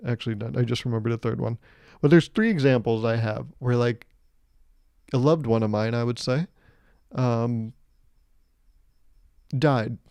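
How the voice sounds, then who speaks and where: A man in his twenties hosts a solo podcast, rambling and joking and acting out quotes as he mocks himself in a casual monologue. His mid-range voice is a little mellow and clean, delivered at a measured pace with frequent pauses and no echo.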